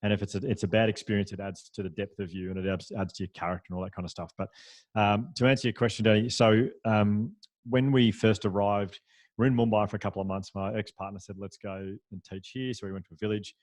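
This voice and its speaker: A man, a podcast guest, telling a story in a lively, anecdotal way, with frequent restarts and fillers. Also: fairly low pitch, quick pace, no echo. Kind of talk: storytelling in a conversational interview.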